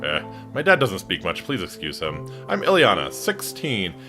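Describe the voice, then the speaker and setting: A man's voice: low-pitched, huge pitch swings, moderate pace, over music. A man voicing a shy, apologetic teenage girl from a small village, putting on a mock Russian accent, in a survival game.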